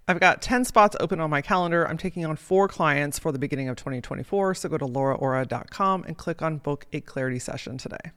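A woman's voice: low voice, no echo, clean studio sound. A woman hosting a motivational podcast as a life coach, talking casually and emphatically with plenty of swearing.

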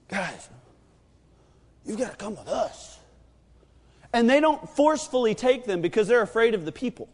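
A man with a very high voice preaches a sermon, retelling the story with lively storytelling and acting out each character's words. His voice rings out in a hall with a long reverb.

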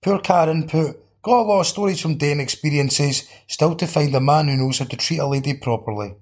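A man's voice: on the high side, brisk, darkish tone. A Scottish man hosting a podcast, swearing and riffing jokingly as he reads out listeners' comments. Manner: sweary, joking riffs while reading out comments. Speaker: podcast host. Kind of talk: casual comedic chat.

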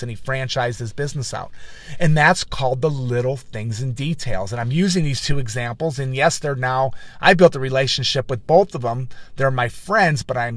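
A man's voice: mid-range voice, fairly bright tone, no room sound. Guy doing a motivational podcast, folksy and rambly, keeps restarting, dry close sound. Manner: rambling, repeats words, folksy storytelling. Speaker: motivational speaker and podcast host. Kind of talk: casual motivational talk.

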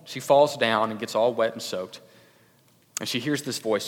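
A man's voice: mid-range voice, moderate pace. A young adult man preaching a sermon as a pastor, conversational, with many fillers and restarts. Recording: long hall reverb.

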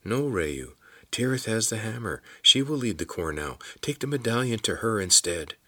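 A man voicing a steady young hero who gently reassures a frightened companion. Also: fairly low pitch, normal speed, no echo, pitched above the performer's own voice, heavily acted. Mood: firm.

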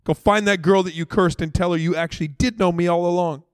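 A pastor with a high, fairly even voice talks fast while preaching a sermon in a conversational way. He acts out the story's dialogue in casual, everyday voices, and the recording is dry.

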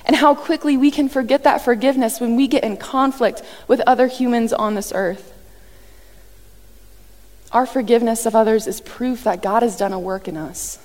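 Woman preacher, animated and chatty, a touch high-pitched, long hall reverb. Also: moderate pace. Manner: animated, conversational, acts out quotes. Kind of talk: sermon.

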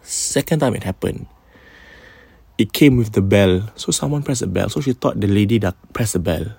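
A man with a Singaporean accent retelling ghost stories casually as a podcast host, animated and mixing in Malay phrases. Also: on the low side, moderate pace, creaky, slightly rough, dry recording.

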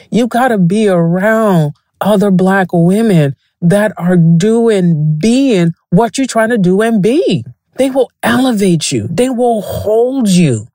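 A woman's voice: lowish voice, dark tone, dry recording, studio quality. A woman hosting a podcast, telling stories in a frank, profane, casual way and laughing often. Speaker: podcast host. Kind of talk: casual storytelling monologue.

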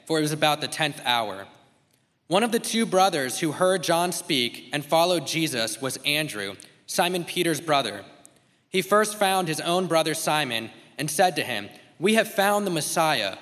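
A man reading a scripture passage aloud in a measured, deliberate way. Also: on the high side, sharp tone. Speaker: scripture reader. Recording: reverberant church hall.

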